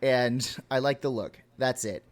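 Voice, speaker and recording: A man's voice: medium pitch, steady tone, unhurried. A man from Texas co-hosting a podcast, ranting and swearing casually with laughs. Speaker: podcast co-host.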